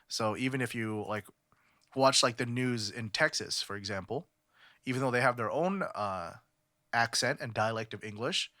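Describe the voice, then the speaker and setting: A man's voice: medium pitch, moderate pace, pushed and bright, dry recording, studio quality. A young man from California chatting on a podcast, rambling with lots of fillers and restarts. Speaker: podcast co-host. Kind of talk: casual podcast chat.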